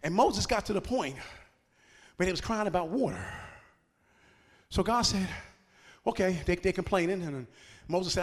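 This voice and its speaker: A man's voice: high-pitched, animated, normal speed, long pauses, in a large hall. A man preaching a sermon in a folksy, playful way, joking with the congregation and laughing between phrases.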